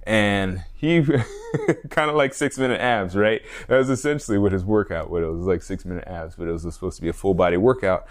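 A man's voice: fairly low pitch, fairly quick. A man hosting a casual solo fitness podcast, a personal trainer who rambles, corrects himself and laughs often. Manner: rambling, self-correcting, frequent laughs and fillers.

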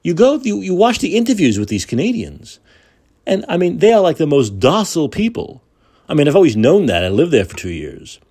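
A man's voice: on the high side, sing-song, fairly quick, darkish tone, slightly rough. A man hosting a podcast, delivering an angry, profane, sarcastic political rant and repeating words for emphasis. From United States. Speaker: podcast host.

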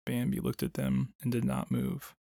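A man narrating a storybook in a steady, measured way. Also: mid-range voice, vocal fry, no echo. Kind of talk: storybook reading.

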